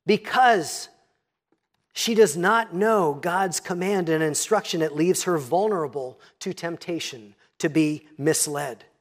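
Measured pastor preaching a sermon. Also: medium pitch. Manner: measured teaching tone, reading scripture aloud.

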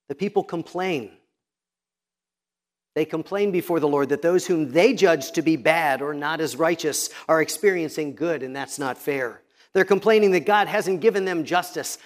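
A man preaching a sermon as pastor, reading scripture aloud and explaining it with emphatic pauses. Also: on the high side.

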